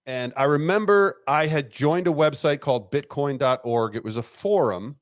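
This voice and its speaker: A middle-aged man, a retired police detective and interview guest, telling a story in a casual, animated way, laughing often and swearing freely. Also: fairly high pitch, moderate pace, no echo, studio quality.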